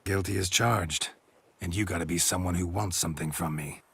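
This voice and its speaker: Gravelly deep witcher, terse and dry, faint hiss. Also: brisk, full character voice. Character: gruff monster-hunting male witcher.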